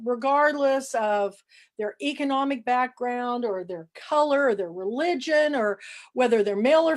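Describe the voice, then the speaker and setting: An older woman with a high voice, an author who founded a book club, appears as a guest in a casual interview. She tells lively anecdotes and acts out the quoted dialogue.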